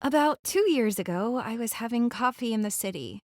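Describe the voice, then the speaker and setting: A woman narrating a first-person romance audiobook in a gentle, intimate reading style. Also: on the high side, lively intonation, normal speed, no echo, clean studio sound.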